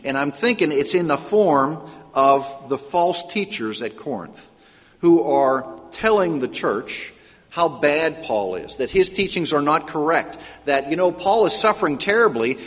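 A man preaching a sermon, often putting questions to the congregation and pausing for an answer. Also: a little high, a bit bright. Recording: echoey hall with long reverb.

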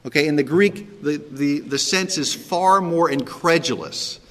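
Man preaching in an echoing hall. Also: unhurried. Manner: conversational preaching with repeated "okay?" checks; acts out Pilate's sarcastic lines in a higher voice. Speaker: pastor. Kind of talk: sermon.

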